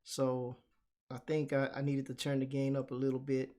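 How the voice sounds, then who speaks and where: A man hosting a live stream, chatting loudly and laughing while he draws at a desk mic. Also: medium pitch, monotone, normal speed. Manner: loud, laughing, talks while drawing. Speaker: streamer host. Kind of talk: casual chat. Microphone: desk mic with gain turned up.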